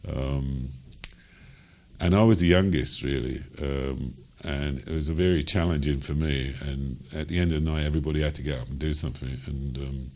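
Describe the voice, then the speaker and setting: A man's voice: a bass voice, steady tone, normal speed, a little mellow. An older man with a Cockney accent, a jazz singer telling stories from his life in a rambling way, full of ums and you-knows, chuckling as he goes. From London, England. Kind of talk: interview storytelling.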